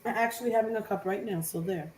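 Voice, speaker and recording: Woman, casual co-host reading the chat, high voice, roomy echo and noticeable background noise. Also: fast talker. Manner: reads chat aloud, greets viewers by name. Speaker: co-host reading viewer comments. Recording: echoey room with clear background noise.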